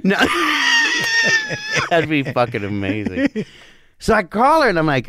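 A man's voice: high voice, huge pitch swings, slow pace, heavy background noise. Profane storytelling man in his forties. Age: 40s. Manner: profane storyteller acting out quotes, bursts of loud laughter. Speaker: guest telling a story. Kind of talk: casual chat.

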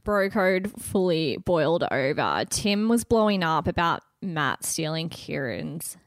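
Lively, low-pitched woman co-host. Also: slow, no echo, clean studio sound. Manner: animated, wry, teasing. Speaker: podcast co-host. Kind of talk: casual chat recapping a reality show.

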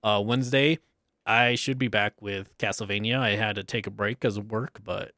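A man's voice: lowish voice, fairly even intonation, normal speed, pushed and bright, no echo, studio quality. A young man co-hosting a casual podcast chat, rambling and laughing often. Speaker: podcast co-host.

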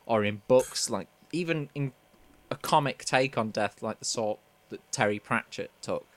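A man's voice: mid-range voice, normal speed. A man co-hosting a podcast, teasing and bluntly critical in casual chat.

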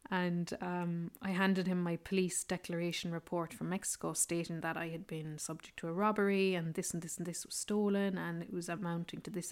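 Chatty Irish woman telling a travel story. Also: on the low side. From Ireland. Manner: chatty, animated, laughs while telling. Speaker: podcast host.

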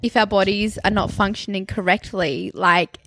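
A young woman co-hosting a casual podcast, bubbly and animated, full of "like" fillers, close to the microphone. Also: mid-range voice, normal speed, no room sound. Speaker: podcast co-host. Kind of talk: casual chat.

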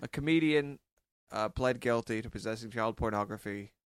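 A man co-hosting a podcast, recounting a story in a deadpan, sarcastic way. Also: medium pitch, moderate pace, clean tone, no echo. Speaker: podcast co-host. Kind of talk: casual comedic chat.

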